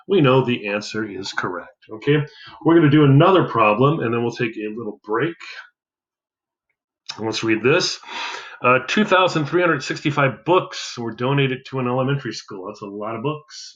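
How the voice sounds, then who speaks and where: A man's voice: medium pitch, a bit bright. Man teacher, casual worked math example, muffled lo-fi sound, echoey room. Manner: casual, chatty, thinks aloud while counting.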